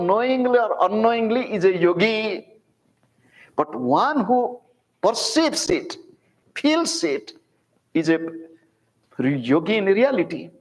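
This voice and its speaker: A man in his sixties with an Indian accent and a notably high-pitched voice delivers a public spiritual talk. He speaks deliberately, repeating phrases and asking rhetorical questions as he teaches. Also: poor audio. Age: 60s.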